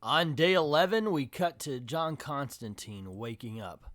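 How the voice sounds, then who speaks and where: A man talks through comic panels in a chatty, self-mocking way. His pitch swings widely as he narrates, and the sound is dry and close, with no room around it. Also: animated, measured pace, hardly any pauses, fairly bright tone, no room sound. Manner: chatty, self-deprecating, voices characters when quoting. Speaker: comics channel host. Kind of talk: casual comic recap with read-aloud quotes.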